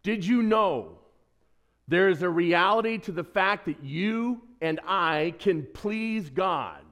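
Lively preacher man, fairly high voice. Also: slow pace. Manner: lively, asks the congregation questions, self-deprecating asides. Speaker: pastor. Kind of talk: sermon.

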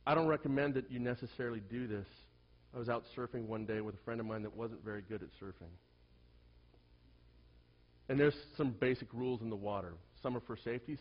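A male pastor preaching to a congregation and telling personal stories, swinging from hushed asides to loud, animated bursts. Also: mid-range voice, lo-fi sound. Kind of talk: sermon with personal storytelling.

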